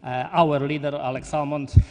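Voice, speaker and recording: A man with a Polish accent addresses a party conference, stopping often to find his words but pressing on earnestly. His voice sits a little high, and it rings out through a large hall with a long reverb. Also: fairly even intonation. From Poland. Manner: halting, searching for words, earnest. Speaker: conference delegate speaker. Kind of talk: conference speech.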